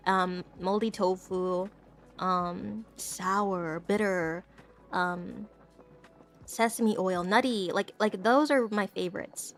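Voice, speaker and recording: Giggly young woman streamer, rambling. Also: mid-range voice. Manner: giggly, rambling, stumbles over words. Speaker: VTuber streamer. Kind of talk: casual live-stream chat.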